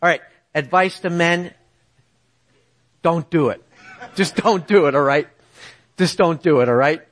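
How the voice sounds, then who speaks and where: A middle-aged man preaching a sermon, telling a personal story in an animated way and often checking in with the audience. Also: on the high side, measured pace.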